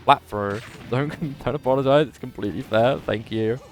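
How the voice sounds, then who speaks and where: A man commentating a live video game tournament and chatting with viewers in a lively commentator voice that he says is a little strained today. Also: medium pitch, normal speed. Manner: animated commentator voice, says his voice is going. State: slightly strained voice.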